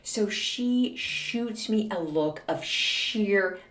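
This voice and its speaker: A woman's voice: medium pitch, extremely slow, echoey room. A middle-aged woman hosting a podcast, telling a story in a chatty, sassy way. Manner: animated, chatty, sassy asides. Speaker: podcast host. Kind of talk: casual storytelling monologue.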